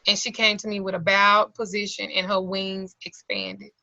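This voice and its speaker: Earnest woman telling a personal story, bright voice. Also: medium pitch, level tone, normal speed, gravelly, no room sound. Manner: candid, colloquial, earnest storytelling. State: close to tears. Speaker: occult class teacher. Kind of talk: emotional personal testimony. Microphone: video call. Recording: slightly lo-fi video call audio.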